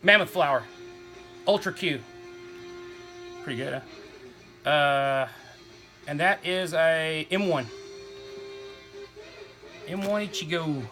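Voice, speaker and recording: Bright, chatty man. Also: a little high, takes it slowly, long pauses, soft background music. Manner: rambling, enthusiastic, folksy. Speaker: toy collector host. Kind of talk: casual show-and-tell chat.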